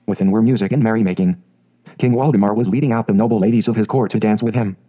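A man narrating a fairy tale audiobook in a steady, measured way. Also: lowish voice, poor audio.

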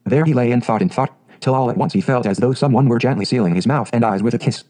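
A man narrating a fairy tale audiobook in a steady, measured way. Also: medium pitch, poor audio.

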